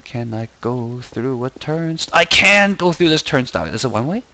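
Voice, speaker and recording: A man's voice: medium pitch, very animated, moderate pace, pushed and bright, a little hiss or hum, poor audio. A young man casually commenting while playing a game, playful and giddy, often singing and muttering to himself. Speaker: gaming video host.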